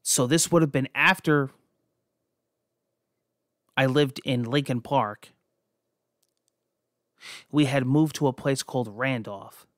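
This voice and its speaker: A man's voice: mid-range voice, slow pace, pauses often, a bit bright, no echo, clean studio sound. A young man from New Jersey hosting a podcast, telling personal stories in a rambling, profane way, full of restarts. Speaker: podcast host. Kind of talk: casual personal storytelling.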